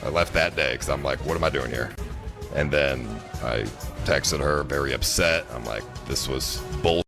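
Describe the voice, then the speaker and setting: A man's voice: extremely low pitch, normal speed, gravelly, music in the background. A man telling a personal story in a casual, rambling way, frustrated and full of filler words.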